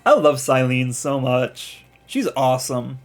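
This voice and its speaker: A man's voice: medium pitch, lively intonation, a little slow, faint music behind. A man giving casual gameplay commentary as a let's play streamer, chatty and laughing often.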